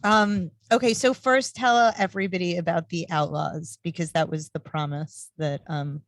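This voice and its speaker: A woman co-hosting a casual chat, brisk as she asks the guest a question. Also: fairly low pitch, fairly even intonation, no echo. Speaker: co-host.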